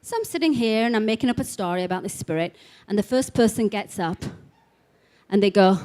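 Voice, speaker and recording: A woman giving a chatty, animated storytelling talk to a live audience at an expo, acting out the quotes. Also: medium pitch, fairly quick. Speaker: speaker at a spiritual expo.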